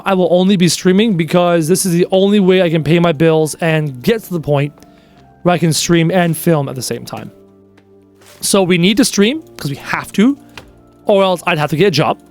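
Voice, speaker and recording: A man's voice: high voice, a little mellow. A man live-streaming a game, chatting casually and reading out viewers' messages in a playful way. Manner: chatty, reads chat aloud, playful.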